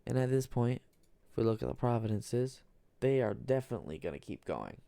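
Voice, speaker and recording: Casual male map narrator, gravelly and dark, halting, dry room. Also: medium pitch, expressive, no room sound. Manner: repetitive, restarts, halting.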